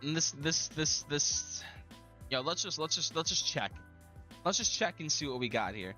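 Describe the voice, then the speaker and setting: A man's voice: fairly high pitch, animated, moderate pace, sharp tone, faint music behind. A young man hosting his own gaming channel, giving casual, dramatic, slang-filled commentary on a card game he is losing.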